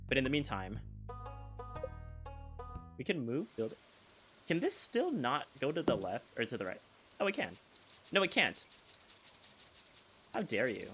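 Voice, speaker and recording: A young man chatting casually while streaming a video game, rambling and restarting his sentences and laughing often. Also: mid-range voice. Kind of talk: casual live-stream chat while gaming. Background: game music.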